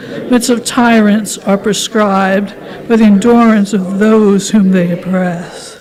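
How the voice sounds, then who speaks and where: A woman leading a church service, reading a passage aloud and then telling a children's story in a calm, measured way. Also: mid-range voice, low-quality recording. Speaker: worship leader.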